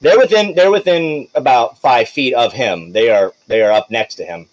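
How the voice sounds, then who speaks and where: A man's voice: medium pitch, moderate pace, dull audio. A man narrating a tabletop game as game master, rambling and giggly as he corrects himself.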